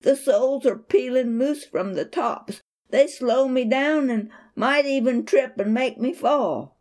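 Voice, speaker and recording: A woman's voice: sits high, measured pace, darkish tone, pitched above the performer's own voice. A woman voicing a poor, earnest young boy in a read-aloud children's story, speaking in a polite, pleading childlike voice. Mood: earnest, worried.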